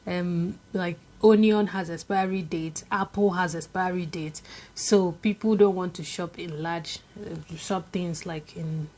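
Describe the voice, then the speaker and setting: A woman's voice: fairly low pitch, fairly even intonation, measured pace, a little mellow. A young woman with a Nigerian accent, chatting casually to camera in a vlog, with many fillers and repetitions. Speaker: vlogger.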